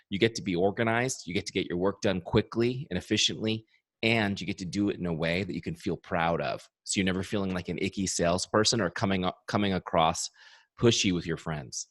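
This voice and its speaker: A man who founded a software company, leading an upbeat training webinar. He talks with enthusiasm and repeats his key points, in his early morning voice. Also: deep voice, dry recording.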